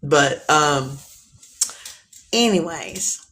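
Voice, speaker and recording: A woman hosting a casual live stream, joking crudely, greeting viewers and talking in a playful, drawn-out way. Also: deep voice, lively intonation, fairly bright tone, a little hiss or hum. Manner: bawdy, joking, often laughing. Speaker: livestream host.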